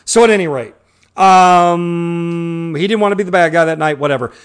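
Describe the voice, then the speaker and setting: A man's voice: fairly high pitch, normal speed, clean tone. A man co-hosting a podcast in casual chat, heated and profane, acting out quotes as he talks. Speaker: podcast co-host.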